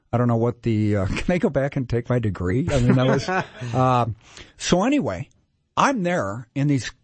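A man in his sixties from Minnesota, telling his recovery story in a candid, self-mocking, animated way. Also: medium pitch, breathy edge, dry recording. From Minnesota, USA. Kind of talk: casual storytelling.

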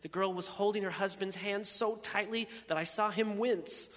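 A man narrating a first-person story in a measured, reflective way. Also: high voice, steady tone, a bit bright, in a large hall.

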